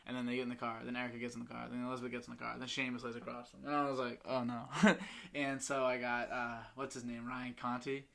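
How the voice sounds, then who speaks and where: A man's voice: mid-range voice, quick pace, creaky. Young guy hosting a chat podcast, rambly, laughs a lot, does silly voices of his buddies. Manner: animated storytelling, drops into impressions of friends; laughs often, rambling with fillers. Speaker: podcast host. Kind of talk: casual chat between cousins.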